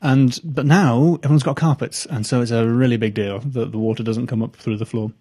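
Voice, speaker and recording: A young man, a comedian guest, chatting on a live show in a mellow, darker tone. He rambles, restarts his sentences and pokes fun at himself. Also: medium pitch, steady tone, brisk, slightly rough. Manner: rambling, self-deprecating, many restarts and fillers. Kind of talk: casual live chat.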